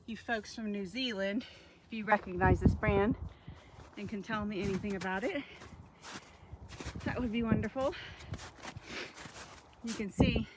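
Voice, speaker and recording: A woman's voice: mid-range voice, heavy background noise. A woman vlogging outdoors, chatty and out of breath while hauling heavy chairs uphill. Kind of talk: casual vlog narration. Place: outdoors on a mountain lot.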